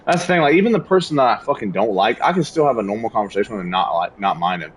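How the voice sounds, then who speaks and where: Young male streamer, quick-talking and profane, casual venting chat. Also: fairly low pitch. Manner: profane, animated venting about a coworker. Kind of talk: casual chat while gaming.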